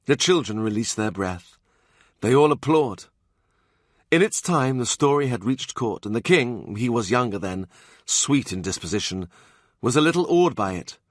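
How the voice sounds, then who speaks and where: A man's voice: medium pitch, lively intonation, moderate pace, no echo, clean studio sound. A man narrating a historical novel audiobook in a vivid, dramatic reading. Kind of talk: scripted narration.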